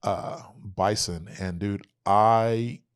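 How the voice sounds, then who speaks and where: A man in his thirties telling hunting stories on a podcast, animated and profane, acting out what people said. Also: on the low side, drawn-out words, clean tone, no room sound, studio quality. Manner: animated, profane, acts out quotes. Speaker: podcast guest. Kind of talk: casual storytelling.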